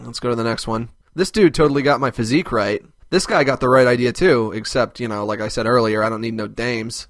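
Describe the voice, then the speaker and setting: A man's voice: medium pitch, fairly bright tone, no room sound, clean studio sound, close to an everyday voice. A man voicing a crude, abrasive cartoon host who answers fan mail with contempt and constant swearing. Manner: foul-mouthed, contemptuous, ranting. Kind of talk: animated web comedy sketch.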